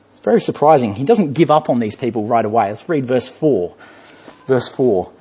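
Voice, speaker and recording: A man preaching a sermon in a church, telling a story with lively rhetorical questions. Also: mid-range voice, husky. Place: church hall.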